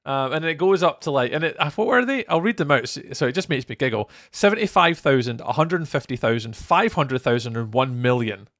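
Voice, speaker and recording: A man's voice: mid-range voice, expressive, a little fast, few pauses, fairly bright tone. A young Scottish man streaming a game build live, chatting casually, greeting viewers by name and laughing often. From Scotland.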